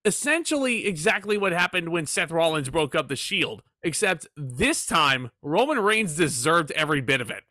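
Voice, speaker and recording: Bright excitable guest cohost, dry mic. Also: male voice, fairly high pitch, dry recording. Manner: excitable, quick, peppered with "like". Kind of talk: casual chat.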